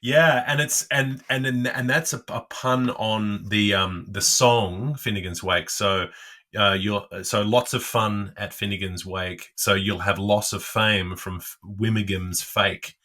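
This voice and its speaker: A man's voice: on the low side, steady tone, a little slow, sharp tone. A man co-hosting a casual podcast about a novel, thinking aloud with many fillers and restarts. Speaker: podcast co-host. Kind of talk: casual literary discussion.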